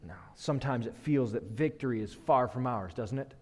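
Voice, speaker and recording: A man preaching a sermon, building rhythmic refrains that swell and then drop low. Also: animated, moderate pace, hardly any pauses. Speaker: pastor. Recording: long hall reverb.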